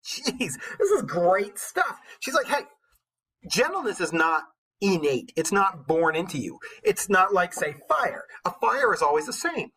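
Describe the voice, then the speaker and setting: A man's voice: high-pitched, very animated, measured pace, pushed and bright, husky, rough recording. A man teaching an online English lesson, chatty and enthusiastic, with self-mocking asides.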